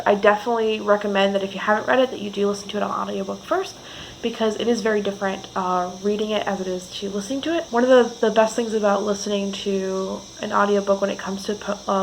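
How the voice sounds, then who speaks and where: A woman chatting through her monthly reading wrap-up in a casual vlog, her pitch sitting mid-range. She gushes with enthusiasm and rambles, restarting sentences as she goes. A faint hum of insects sits behind her. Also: poor audio. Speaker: book vlogger. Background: faint cicada noise outdoors.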